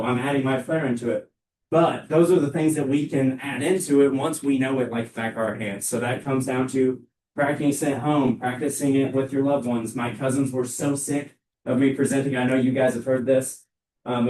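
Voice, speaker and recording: A young man giving a live sales training talk to a room of colleagues, with a loud, energetic, emphatic delivery. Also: medium pitch, normal speed. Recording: echoey room, mic far off.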